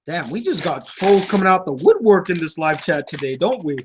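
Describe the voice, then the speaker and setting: High-voiced sarcastic man reading mail. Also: very animated, brisk, slight background noise. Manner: sarcastic, laughs often while reading. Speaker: video host reading fan mail. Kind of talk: casual mail-reading vlog.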